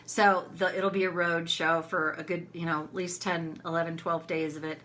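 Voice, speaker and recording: Bright-voiced chatty woman coach. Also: lowish voice, level tone, normal speed. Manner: chatty, rambling, laughs often, many restarts. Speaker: tapping coach hosting a live session. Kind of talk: casual live-stream talk to viewers.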